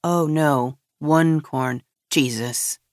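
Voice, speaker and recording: Read by a narrator, a weary, contemptuous man speaks in a hoarse, croaking voice after nearly dying. He sounds groggy and resentful. The recording is dry and close. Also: mid-range voice, drawn-out words, dry recording. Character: bitter, groggy man recovering from an overdose. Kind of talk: audiobook character voice.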